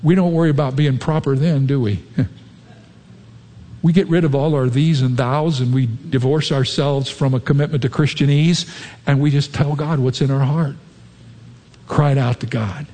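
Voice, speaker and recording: A man's voice: medium pitch, steady tone, normal speed, warm tone. A man preaching a sermon as a pastor. He talks earnestly and acts out sample prayers. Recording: long echo of a large hall.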